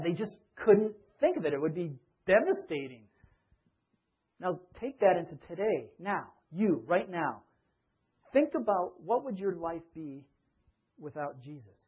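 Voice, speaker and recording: A man preaching a conversational sermon, asking his listeners questions and sometimes acting out grumbling voices with a rising pitch. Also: slightly rough, muffled recording. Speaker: pastor.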